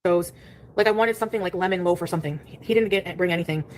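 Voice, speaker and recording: A woman streamer rattles off a crude, rambling complaint, talking fast in an offhand vlog monologue. A faint hiss sits under her voice. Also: fairly low pitch. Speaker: food streamer in a played clip.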